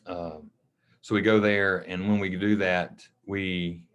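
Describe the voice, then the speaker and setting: A man tells a personal story on a podcast, speaking in a fairly low voice. He is casual and emotional, and he acts out the dialogue of the people he quotes. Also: flat delivery, takes it slowly, a bit bright, muffled recording. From Mississippi. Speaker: coach and podcast guest.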